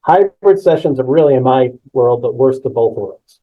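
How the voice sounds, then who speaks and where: A man presenting a live webinar on presentation skills, energetic and emphatic, repeating key words and reacting to the chat. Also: mid-range voice, normal speed, narrow, tinny audio.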